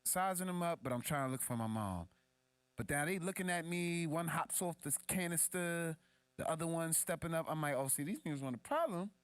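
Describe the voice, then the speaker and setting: A man's voice: normal speed, smooth, dry recording. A young man co-hosting a podcast, telling a casual story full of profanity and street slang. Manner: animated, acts out quoted voices in a much higher pitch. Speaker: podcast co-host.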